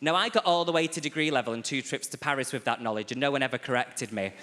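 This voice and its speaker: A man, doing a stand-up routine on a theatre stage with animated, camp storytelling and sharp asides. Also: medium pitch, quick pace, a little hiss or hum. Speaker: stand-up comedian. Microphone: handheld stage mic. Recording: roomy live theatre sound. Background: audience laughter.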